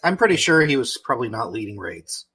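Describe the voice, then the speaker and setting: A man's voice: medium pitch, very animated, quick pace, sharp tone, breathy edge, low-quality recording. A man co-hosting a podcast, talking hesitantly with many fillers. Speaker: podcast co-host. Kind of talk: casual discussion.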